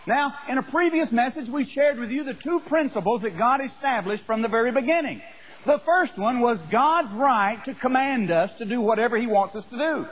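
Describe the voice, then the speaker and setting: A man preaches from the pulpit in a high, husky voice. He builds his points through repetition and rising emphasis, speaking directly to his congregation. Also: rough recording. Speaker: pastor. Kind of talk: sermon.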